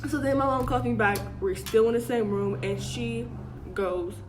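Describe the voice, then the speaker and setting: A young adult woman talking to her camera in a relaxed, slang-heavy storytime voice that sits a little high. She keeps up a chatty, gossipy flow and slips into quick impressions of her family's lines. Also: music in the background. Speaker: vlogger. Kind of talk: casual storytime.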